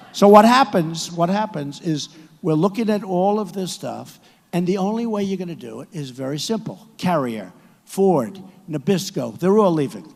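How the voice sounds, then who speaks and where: High-voiced man shouting at a rally. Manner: repetitive, boastful, rising to shouts. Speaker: political candidate addressing supporters. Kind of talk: campaign rally speech. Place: large indoor arena. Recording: echoey arena sound from a PA.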